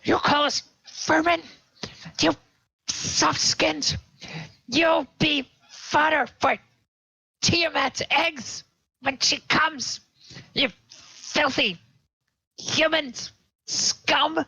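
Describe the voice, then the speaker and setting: A man voicing a small, spiteful male kobold in a tabletop game, with a shrill, snarling voice. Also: steady tone, extremely slow, long pauses, pushed and bright, no echo, exaggerated voice. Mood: enraged.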